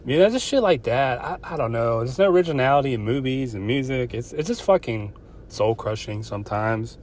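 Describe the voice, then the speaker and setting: An older man hosting his own podcast, swearing freely and rambling. He trips over his words and starts sentences again and again as he rants, and his pitch sits right in the middle for a man. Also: lively intonation, brisk, a little mellow, a little hiss or hum. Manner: profane, rambling, restarts often. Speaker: podcast host. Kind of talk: casual solo podcast rant.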